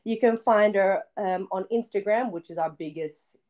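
A woman's voice: mid-range voice, normal speed, darkish tone. A young woman hosting a casual podcast chat, giggly and chatty with lots of fillers. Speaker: podcast host.

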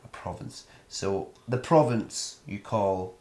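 A man's voice: on the low side, slow pace, darkish tone. A British man co-hosting a dog podcast, jokey and playful, rambling through his points in casual chat. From Britain. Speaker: podcast co-host. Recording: echoey room.

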